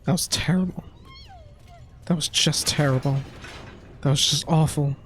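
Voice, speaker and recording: A man's voice: on the high side, steady tone, moderate pace, fairly bright tone, slight background noise. A young man playing a video game, commenting casually, frustrated, swearing and laughing at himself. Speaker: gaming streamer. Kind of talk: casual let's play commentary. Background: faint game music.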